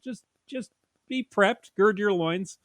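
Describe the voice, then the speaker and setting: A man co-hosting a podcast in casual chat, laughing easily and filling pauses with ums as he reads listener comments. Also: sits high, no room sound. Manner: chatty, laughing easily, halting fillers. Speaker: podcast co-host.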